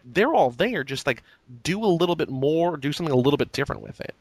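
A man's voice: on the high side, expressive, fast talker, no echo. Hesitant man in a dry room. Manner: hesitant, lots of "like" and restarts. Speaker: podcast co-host. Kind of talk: casual film discussion.

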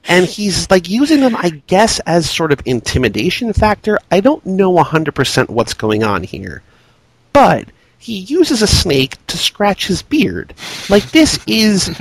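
A man with a higher voice that swings widely in pitch talks through a film with amused disbelief. The sound is close and dry. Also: dry recording, low-quality recording. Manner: animated, incredulous, fast bursts. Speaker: podcast co-host. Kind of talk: casual movie review chat.

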